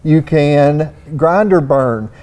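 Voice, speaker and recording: A man's voice: a little high, takes it slowly, darkish tone. A man with a Southern US accent talking on a technical panel in a folksy, rambling way full of "you know". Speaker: panel guest, surface-finishing expert. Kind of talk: casual technical panel talk. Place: trade expo stage.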